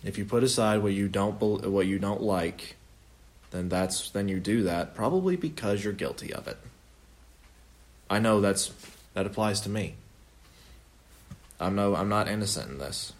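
A man's voice: fairly low pitch, moderate pace, pauses often. Earnest young man leading Bible study. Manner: conversational, self-correcting, earnest. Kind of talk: informal Bible study teaching.

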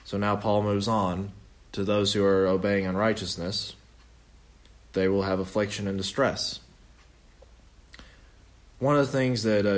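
A young man with a fairly low voice leads an informal Bible study, speaking in an earnest, conversational way and frequently correcting himself mid-sentence.

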